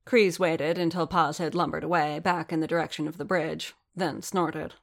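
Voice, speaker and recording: A woman narrates a story aloud in an even, steady way. Her voice is low and carries a gravelly texture throughout. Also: normal speed, hardly any pauses. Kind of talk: fan fiction reading aloud.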